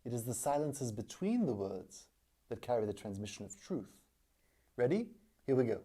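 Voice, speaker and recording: A man giving a parody of a spiritual teaching, delivered with mock-solemn earnestness and long pauses. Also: mid-range voice, big pitch swings, warm tone.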